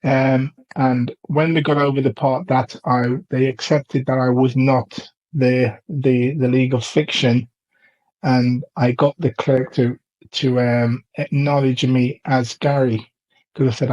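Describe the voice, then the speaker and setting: Earnest English man, flat delivery. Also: mid-range voice, lo-fi sound. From England. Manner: earnest, with frequent ums and restarts. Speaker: testimony speaker. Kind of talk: casual first-person account.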